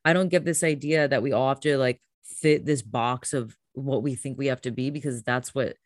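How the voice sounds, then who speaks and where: A woman's voice: extremely low pitch, steady tone, moderate pace, no room sound, studio quality. A woman guest on a podcast, a coach, talking enthusiastically and emphatically in casual chat.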